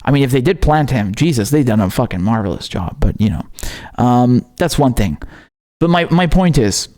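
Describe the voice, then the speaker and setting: A man's voice: medium pitch, expressive, moderate pace, a little mellow. A man from Syria hosting his own political commentary show, ranting with heavy profanity and stumbling over repeated words as he gets worked up. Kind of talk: heated political commentary rant.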